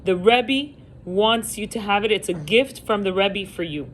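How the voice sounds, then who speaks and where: A woman's voice: mid-range voice, animated, measured pace, a little hiss or hum, lightly acted, poor audio. A woman voicing an earnest, desperate male rabbi businessman who pleads and insists as he tells his story. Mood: pleading.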